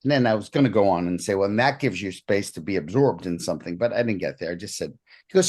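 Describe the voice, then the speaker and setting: A man on an interview show, telling a personal story in a lively way and acting out the other people's lines. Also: sits low, fast talker. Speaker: podcast guest, hypnotist.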